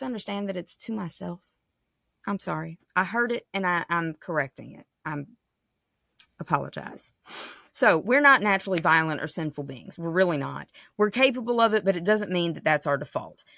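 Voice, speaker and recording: A woman's voice: mid-range voice, animated, moderate pace, gravelly, fairly bright tone, dry recording. Passionate woman podcaster, dry sound. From United States. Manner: passionate, frequent "right?" tags. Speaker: podcast host. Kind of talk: casual monologue.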